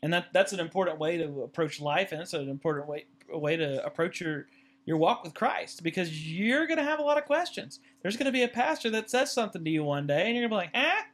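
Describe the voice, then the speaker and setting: A podcast host talking in a lively, encouraging way in a casual chat. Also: mid-range voice, quick pace.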